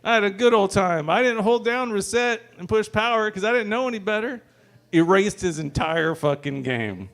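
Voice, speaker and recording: A man with a fairly high voice works a brewery open mic stage, telling stand-up stories in a loose, joking way. He swears freely and chuckles between lines, speaking into a handheld stage mic. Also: lively intonation, moderate pace, fairly bright tone. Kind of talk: stand-up comedy set.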